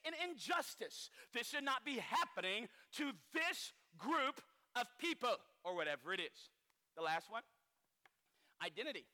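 A man preaching a sermon in an animated way, acting out the people he quotes and shouting for emphasis. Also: extremely high pitch. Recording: long hall reverb.

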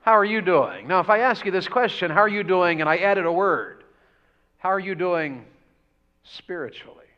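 A man's voice: high-pitched, animated, moderate pace, sharp tone. A man preaching a revival sermon, folksy and full of questions to the congregation. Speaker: pastor. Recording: dull lo-fi church audio.

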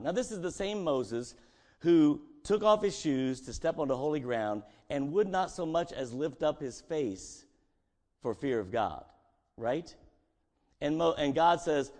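A man's voice: mid-range voice, sing-song, normal speed, a little mellow. A male pastor preaching a conversational sermon and acting out scripture dialogue, in a church sanctuary.

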